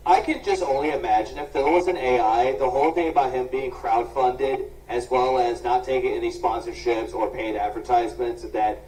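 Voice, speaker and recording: A man's voice: mid-range voice, a little fast, hardly any pauses, warm tone. Sarcastic guy roasting a streamer, cussing a lot, sounds far off and roomy. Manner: scolding, mocking, swears freely. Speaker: commentator. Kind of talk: sarcastic reaction commentary. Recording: roomy and distant.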